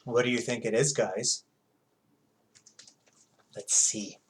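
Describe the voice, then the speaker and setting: A man hosts a storytime for children, friendly and chatty, and turns to his young listeners with questions. His voice sits at an ordinary middle pitch. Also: steady tone, takes it slowly, background noise. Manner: friendly, chatty, talks directly to kids. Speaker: children's librarian. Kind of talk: storytime read-aloud for children.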